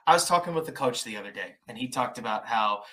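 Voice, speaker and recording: A man guest on a podcast, talking through football film in fast, animated casual chat. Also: mid-range voice.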